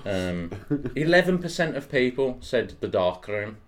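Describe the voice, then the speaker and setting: A man's voice: medium pitch, sing-song, a little slow, slight background noise. A man co-hosting a podcast, chatting casually, swearing and laughing often in playful banter. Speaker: podcast co-host. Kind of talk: casual chat.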